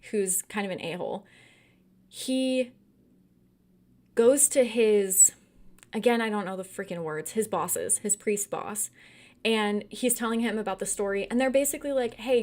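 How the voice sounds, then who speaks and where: A young woman from California hosting a casual livestream book discussion, animated and quick to laugh and get worked up. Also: medium pitch. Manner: animated, laughs often, gets heated and incredulous. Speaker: book club host.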